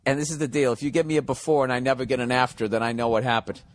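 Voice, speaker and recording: A man's voice: mid-range voice, little pitch movement, very fast, dry recording. A man hosting a solo podcast, rambling through blunt, profane rants. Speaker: podcast host.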